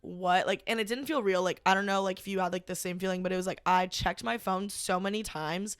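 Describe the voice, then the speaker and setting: A young woman, a podcast guest, recounting a personal story in casual conversation, halting and full of "like". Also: mid-range voice, fairly even intonation, dry recording, studio quality. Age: young adult. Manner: halting, heavy use of "like", emotional retelling.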